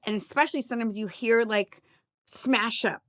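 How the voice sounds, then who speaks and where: Bubbly bright-voiced woman podcast host. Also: fairly high pitch, moderate pace. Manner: gushing and enthusiastic, laughs often. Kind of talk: casual podcast chat.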